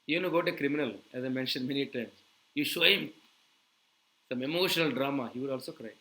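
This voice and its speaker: A man giving a sermon, animated and full of rhetorical questions to his audience. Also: mid-range voice, fast, rough recording. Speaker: preacher.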